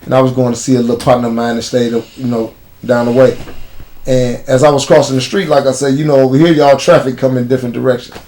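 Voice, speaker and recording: A man from the United States with a Chicago accent tells stories bluntly in street slang as a guest in a casual interview. His mid-range, darkish voice is fast and flatly delivered.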